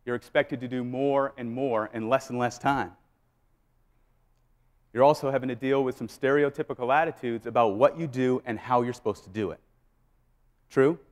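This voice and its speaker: A man giving a motivational keynote speech, telling a story with lively re-enactments to a live audience. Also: mid-range voice, normal speed, pauses often. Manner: animated, acts out scenes and voices. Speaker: keynote speaker. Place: live event before an audience.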